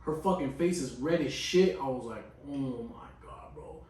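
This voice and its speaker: A man on a podcast telling a story in a casual, profane, animated way. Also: medium pitch, moderate pace. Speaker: podcast guest. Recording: echoey room, distant mic.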